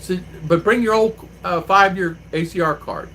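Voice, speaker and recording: Man, casual vlogger, slightly high voice, animated storyteller, faint street noise behind him. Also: moderate pace, poor audio. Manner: animated, mimics voices when retelling exchanges. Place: outdoors, riding an e-bike.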